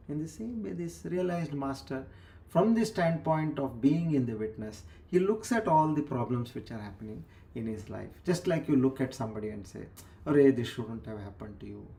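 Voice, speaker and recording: A man's voice: medium pitch, gravelly, mellow. A man giving a spiritual discourse as a teacher, explaining with everyday examples and repeated phrases, sometimes dropping to a near whisper.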